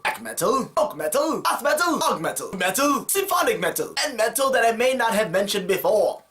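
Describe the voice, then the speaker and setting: A man's voice: high-pitched, a bit bright, pitched above the performer's own voice. A man voicing a pompous male metal know-it-all in a put-on accent, haughty and theatrical. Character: pompous self-proclaimed male metal expert.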